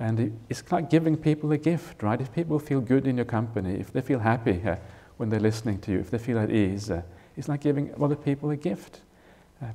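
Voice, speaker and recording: A male Buddhist monk teaches at a retreat, explaining a scripture in a gentle, unhurried way. His voice sits low and sounds warm and relaxed. He fills pauses with "uh" and often checks in with a "right?". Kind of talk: Dharma talk explaining a scripture. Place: retreat hall.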